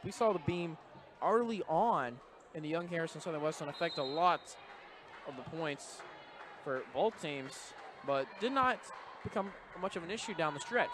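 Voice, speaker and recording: Young man calling volleyball in a noisy gym. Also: a little high. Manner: brisk, conversational play-by-play calling. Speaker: play-by-play commentator. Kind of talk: live volleyball commentary. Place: indoor college gym. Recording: noisy gym broadcast audio. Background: gym noise with bouncing balls.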